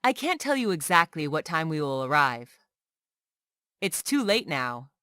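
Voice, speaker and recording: A woman reading short everyday English phrases aloud one by one, clearly and carefully, as a language lesson. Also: deep voice, sing-song, unhurried, sharp tone, dry recording, clean studio sound. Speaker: English teacher.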